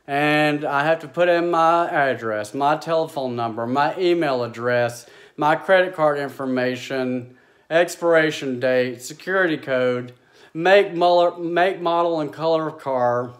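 Guy venting a story, kinda high voice, acts out the dialogue. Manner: exasperated, animated retelling with quoted dialogue. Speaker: vlogger. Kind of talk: casual storytelling.

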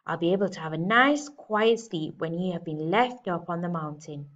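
A woman voicing a grumpy, bossy male bear in a children's storybook reading, growling and loud. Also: lowish voice, normal speed, natural voice. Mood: cross. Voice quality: growling, grumbling. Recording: slightly dull lo-fi recording.

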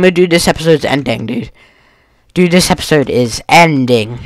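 A man's voice: fairly high pitch, expressive, moderate pace, no echo, clean studio sound. A man giving live gameplay commentary, ranting in frustration and tacking "dude" onto nearly every line. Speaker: gaming video creator.

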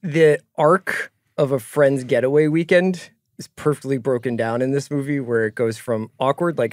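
A man's voice: mid-range voice, moderate pace, no echo, studio quality. A man co-hosting a podcast, talking casually about a film and acting out little scenes with lots of "like"s. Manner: animated, acts out quotes, many "like"s. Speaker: podcast co-host. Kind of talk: casual movie chat.

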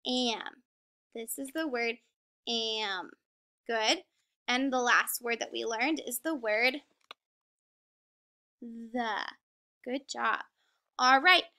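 A woman teaching a kindergarten reading lesson on video, speaking slowly and encouragingly and stretching words out for small children. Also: fairly high pitch, sharp tone.

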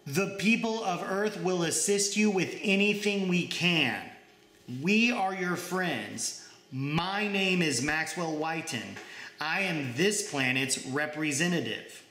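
An earnest, formal ambassador speaks in a raised, slow, over-enunciated voice, put on by a man reading a story. The tone is bright and solemn, and the room echoes around him. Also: on the high side, expressive, pitched above the performer's own voice, heavily acted.

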